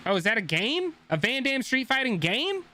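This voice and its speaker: A man's voice: very high-pitched, sing-song, moderate pace, sharp tone, no room sound, soft background music. A young man streaming a game, ranting casually and swearing a lot as he talks to his chat. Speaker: gaming streamer.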